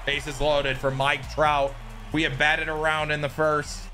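Young male gamer commentating play-by-play, high bright voice, big excited swings. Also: measured pace, a little hiss or hum. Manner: hyped, swings between shouting and groaning. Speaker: gaming YouTuber.

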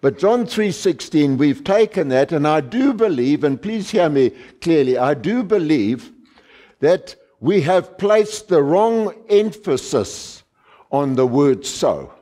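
A man preaching a sermon, slow and emphatic, repeating key phrases and stressing single words. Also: a little high, dark tone. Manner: repeats phrases and restarts with fillers.

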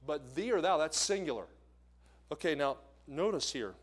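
A man's voice: on the high side, fairly quick. A man from the American Northeast preaching a sermon as a visiting evangelist, telling stories and putting questions to the congregation. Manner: storytelling, asks the congregation questions. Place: church sanctuary.

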